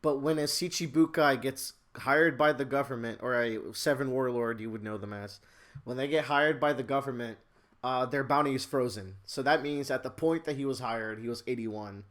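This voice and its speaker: A man's voice: mid-range voice, normal speed, fairly bright tone. Man explaining lore with dry quips. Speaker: podcast co-host. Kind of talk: casual chat commenting on a manga.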